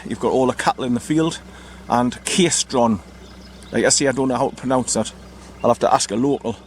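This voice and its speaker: With slight noise behind him, a medium-pitched man chats and rambles by his parked car in the countryside. It's casual walking vlog narration, and he spells out place names as he talks.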